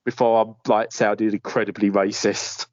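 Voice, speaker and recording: A man's voice: fairly low pitch, little pitch movement, normal speed, darkish tone, no room sound. Jokey man, dry muffled audio. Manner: playful, jokey, jumps into silly voices. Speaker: podcast host. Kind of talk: casual chat. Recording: dry, dull lo-fi podcast audio.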